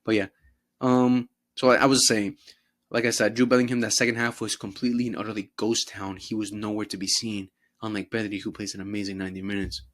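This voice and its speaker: A young man hosts a casual football talk show as a podcast, swearing freely and mocking players in put-on voices. He's profane and animated, talking fast in a lowish voice.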